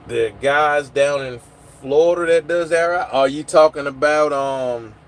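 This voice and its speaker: A man hosts a casual livestream from his phone, rambling and answering comments from viewers. His voice is fairly high-pitched and his pace measured.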